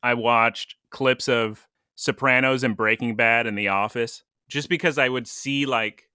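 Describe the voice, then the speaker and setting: A man's voice: mid-range voice, fairly even intonation, unhurried, pushed and bright, clean tone, no room sound, studio quality. A man co-hosting a casual podcast, talking in a playful, rambling way and laughing often. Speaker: podcast co-host. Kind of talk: casual chat.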